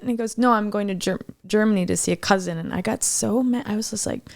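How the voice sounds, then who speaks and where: A woman's voice: mid-range voice, a little fast, creaky, few pauses. A middle-aged woman co-hosting a casual podcast chat, telling stories with lots of laughter and acting out what people said. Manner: animated storyteller, acts out quotes, laughs often. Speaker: podcast co-host.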